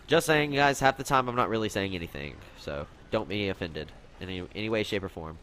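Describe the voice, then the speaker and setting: A young man commentating on his own gameplay, excitable, yelping and complaining at the game as he plays. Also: on the low side, a little fast, few pauses, slight background noise. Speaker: gaming commentator.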